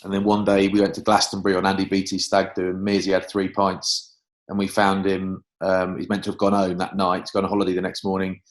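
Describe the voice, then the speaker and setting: A former rugby player from England appears as a guest in a casual interview, telling lively stories and swearing freely. His voice is low and he talks fast.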